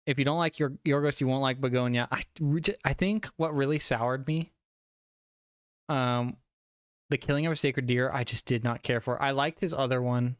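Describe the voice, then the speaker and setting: A young man with a mid-range, steady voice talks at a normal speed while streaming a casual movie review live. He's a little tipsy from drinking, rambling, swearing, and laughing often. The sound is clean studio quality with no echo.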